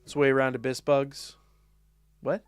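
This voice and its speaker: A man's voice: medium pitch, little pitch movement, a little slow, clean tone, dry recording, soft background music. Swearing man streaming a game live. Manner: swears a lot, rants in frustration; talks to chat in a casual tone. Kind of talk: live gameplay stream commentary.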